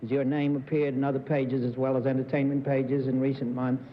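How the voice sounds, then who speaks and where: A man on a game show panel, asking careful, measured questions, on an old broadcast recording. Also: medium pitch, little pitch movement, highs cut off.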